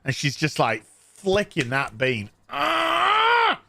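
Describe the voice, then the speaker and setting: Man, TV reviewer, mocking ranty recap, bouncy pitch, dry close sound. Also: expressive, measured pace, a bit bright, no room sound. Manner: crude, sarcastic, mocking. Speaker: TV show reviewer. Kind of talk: ranting episode recap.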